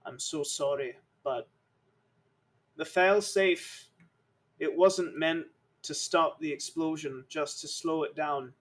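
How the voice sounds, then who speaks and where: A man voicing a gruff grown male rescuer who gives urgent commands to survivors in a tabletop game. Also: fairly high pitch, slow pace, a bit bright. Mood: sorry.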